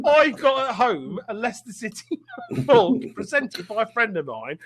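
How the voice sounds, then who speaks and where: A man's voice: very high voice, wildly swooping pitch, unhurried, a bit bright, slight background noise. A middle-aged English man co-hosting a casual pub-style podcast, telling stories and often laughing as he talks. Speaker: podcast co-host.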